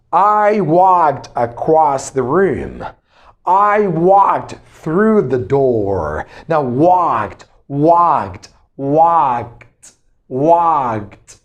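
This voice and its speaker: A man's voice: on the high side, dull audio. A male English teacher giving a pronunciation lesson, drilling each word over and over. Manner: slow, drills words with many repetitions.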